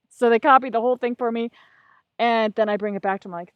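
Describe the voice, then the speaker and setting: A middle-aged woman telling a story as a podcast guest, animated and a bit profane, acting out what people said. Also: a little high, a little fast, no echo, lo-fi sound. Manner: animated, acts out voices, profane. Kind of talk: casual storytelling.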